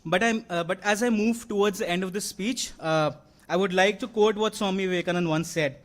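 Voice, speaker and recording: An earnest convocation speech comes from a young award-winning graduate whose voice sits high and moves a little fast. Fillers and restarts run throughout his address in the large convocation hall.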